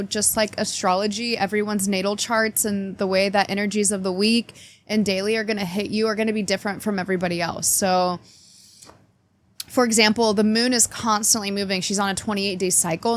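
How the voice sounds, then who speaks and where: A mid-range female voice, with a little hiss or hum in the recording, leads a casual weekly astrology forecast. The host reads oracle cards and speaks straight to her viewers, playful and a bit cheeky.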